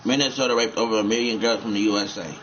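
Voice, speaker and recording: A man's voice: lowish voice, fairly even intonation, very fast, fairly bright tone, muffled recording. Rambling, profane young-sounding man gamer. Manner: rambling, profane, repeats himself. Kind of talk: rambling game commentary.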